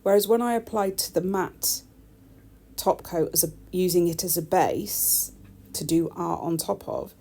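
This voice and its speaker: A woman's voice: on the low side, measured pace, dark tone. A woman, a nail technician, chatting casually over her tutorial with wry, self-deprecating asides.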